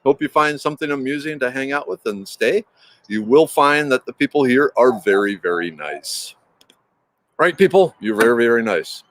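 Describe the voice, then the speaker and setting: A man's voice: medium pitch, lively intonation, normal speed, fairly bright tone. A man hosting a casual livestream, rambling with frequent restarts and greeting viewers in the chat by name. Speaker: livestream host.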